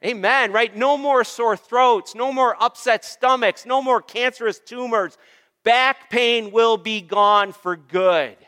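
A male pastor delivers an emphatic sermon with a high, bright and smooth voice. He draws out long repeated lists slowly and calls on the congregation for amens. The sound rings with a long church-hall reverb. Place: church sanctuary.

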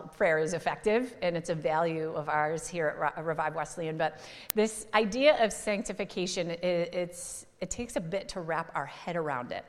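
A woman's voice: fairly low pitch, a bit bright, long reverb tail. A woman pastor giving a sermon in a church, talking in a conversational way with fillers and restarts.

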